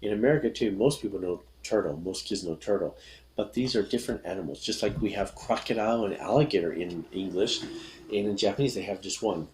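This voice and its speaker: A man's voice: lowish voice, darkish tone, slight background noise. Upbeat man teaching word gestures. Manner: upbeat, repetitive, demonstrating words slowly. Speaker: English teacher. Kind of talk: video lesson teaching gestures to learners.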